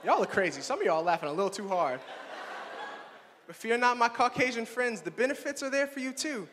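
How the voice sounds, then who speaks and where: A man's voice: very high-pitched, a little fast, a little hiss or hum. A young man in his twenties performing a playful stand-up comedy set on stage and talking straight to the audience. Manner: animated, playful, addresses the audience directly. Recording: long hall reverb.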